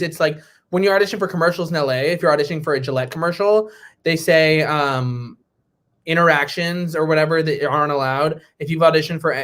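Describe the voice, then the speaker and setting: A man co-hosting a podcast in casual chat, playful and quick to joke and tease. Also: on the high side, a bit bright. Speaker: podcast co-host.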